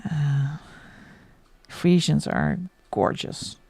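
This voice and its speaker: A woman's voice: deep voice, sing-song, drawn-out words, vocal fry, a little mellow, slightly rough, dry recording. A Dutch woman with a Dutch accent, hosting a colouring livestream in casual chat, laughing often and muttering asides as she works. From Netherlands.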